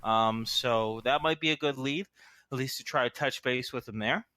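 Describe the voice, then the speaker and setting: A man running a tabletop game as game master, relaxed and full of fillers. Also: medium pitch, moderate pace, dry recording.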